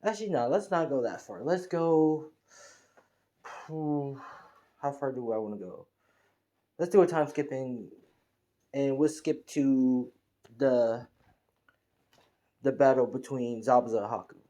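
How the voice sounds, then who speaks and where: Rambling man with a dark voice. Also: medium pitch, slow pace, long pauses. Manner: rambling, full of restarts and fillers. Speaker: fan fiction storyteller. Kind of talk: improvised storytelling.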